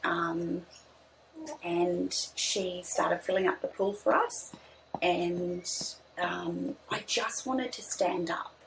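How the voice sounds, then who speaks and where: A woman's voice: on the low side, steady tone, slow pace, gravelly, fairly bright tone, a little hiss or hum, poor audio. A young woman, telling her birth story in casual chat, hesitant with many restarts. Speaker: podcast guest.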